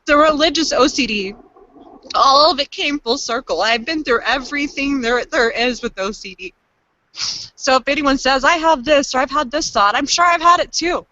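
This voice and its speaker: A woman's voice: sits high, moderate pace, pushed and bright, highs cut off, slight background noise. A woman in her thirties giving earnest, emotional personal testimony on a panel call, breaking into pep-talk bursts. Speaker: panelist sharing lived experience.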